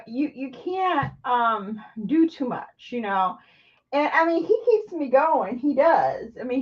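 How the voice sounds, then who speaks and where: Higher-voiced woman, halting candid vlog talk. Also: far from the mic, lo-fi sound. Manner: halting and rambling, with many restarts. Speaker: vlogger. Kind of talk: candid personal vlog chat.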